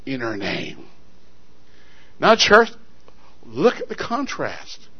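A man's voice: a little high, a bit bright. A male pastor preaching a sermon, telling a story dramatically and calling out to the congregation. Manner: dramatic storytelling, call-and-response.

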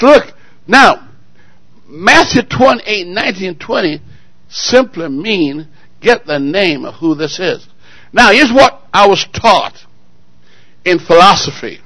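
A married man preaching a sermon, firing call-and-response questions at the congregation and swinging between loud exclamations and quiet asides. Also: high voice, very animated, slow, long pauses, no room sound, poor audio. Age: adult, married.

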